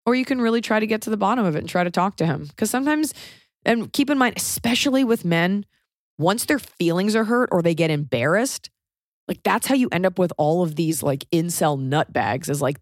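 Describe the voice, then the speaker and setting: A podcast co-host in her thirties chats casually, blunt and wry, and she drops into little acted-out voices when quoting people. Her slightly low voice is expressive and brisk, recorded dry and close with no room sound.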